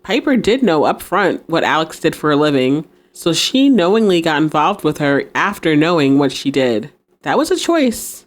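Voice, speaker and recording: Lively woman recapping a show. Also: low-pitched, moderate pace. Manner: animated, laughs often, voices characters' lines. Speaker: podcast host recapping a TV episode. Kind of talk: casual recap with acted-out quotes.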